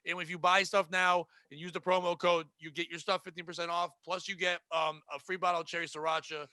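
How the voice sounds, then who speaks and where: A man's voice: sits high, level tone, fast talker, sharp tone, dry recording. A man hosting a casual comedy podcast, joking crudely and reading an ad loosely. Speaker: podcast host.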